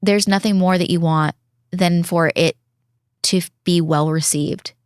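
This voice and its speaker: A woman in her thirties speaking as a podcast guest in an earnest, reflective way, slowing down to stress her points. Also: on the low side, fairly even intonation, clear, resonant tone, no echo, clean studio sound. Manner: earnest, reflective, slows down when emphasizing. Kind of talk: casual heartfelt conversation.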